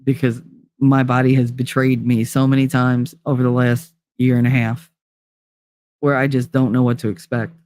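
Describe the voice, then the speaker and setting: A woman's voice: rumbling low, flat delivery, normal speed, darkish tone, no room sound, studio quality. A woman hosting a casual livestream who talks bluntly and openly about her feelings, with frequent swearing. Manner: blunt, profane and emotionally open. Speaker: livestream host.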